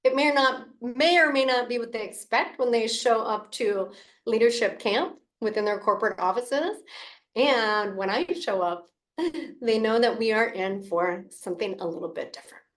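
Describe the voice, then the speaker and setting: A fairly high-voiced woman coach speaks to camera in a motivational talk. Her delivery is expressive and playful, breaking into gasps and laughs. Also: moderate pace, echoey room. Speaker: leadership coach.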